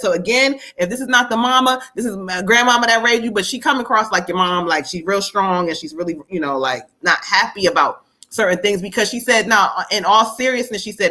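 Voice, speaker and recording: A woman psychic medium, doing a live-stream tarot reading, animated and often laughing as she quotes spirits in a sassy voice. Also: medium pitch, fairly quick, few pauses.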